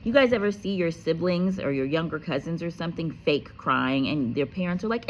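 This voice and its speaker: A woman teacher reading a children's book aloud with lively expression and casual, chatty asides. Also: lowish voice, normal speed, hardly any pauses, a little hiss or hum. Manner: animated, casual, self-correcting.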